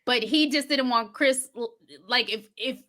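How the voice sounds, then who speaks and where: A woman's voice: a little high, a little slow, pushed and bright. A woman co-hosting a podcast, chatting playfully about a horror movie and laughing often. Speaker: podcast co-host. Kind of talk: casual movie chat.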